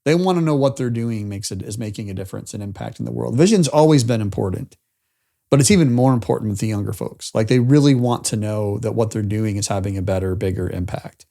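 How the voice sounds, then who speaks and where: A man's voice: fairly low pitch, fast talker, gravelly, mellow. A man co-hosting a business podcast, telling stories casually and acting out the conversations he quotes. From lives in Tennessee. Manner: rambling storyteller, acts out quoted exchanges. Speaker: podcast co-host.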